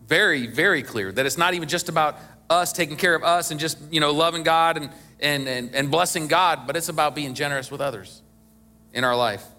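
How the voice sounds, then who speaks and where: A middle-aged male pastor preaching in a bright, forceful voice that sits a little high for a man. He talks to the congregation in a chatty, conversational way, then leans hard into emphatic lines. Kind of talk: sermon.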